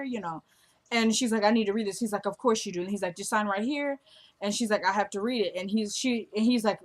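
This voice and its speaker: A woman's voice: mid-range voice, fast talker, a bit bright. A woman casually recapping a TV episode, chatting and acting out the characters' lines as she goes. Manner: chatty, acts out quotes of the characters. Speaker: TV show recapper.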